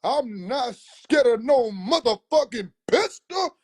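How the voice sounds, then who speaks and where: A man voicing a furious middle-aged uncle who makes slow, drawn-out, menacing threats while waving a gun. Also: extremely high pitch, lively intonation, slightly rough, pitched above the performer's own voice, heavily acted.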